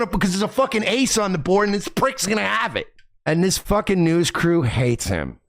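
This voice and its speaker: A foul-mouthed man riffing over video clips in a loose, mocking rant. His pitch swings around freely and sits a little high for a man. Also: very animated, moderate pace, gravelly. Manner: profane, mocking, rambling rant. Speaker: podcast host. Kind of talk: crude comedic commentary over clips.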